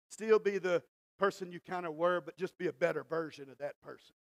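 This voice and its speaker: A male pastor preaching a sermon in a church, swinging from quiet asides to shouted exhortation and acting out Bible scenes in folksy dialogue. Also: on the high side, fairly quick, creaky.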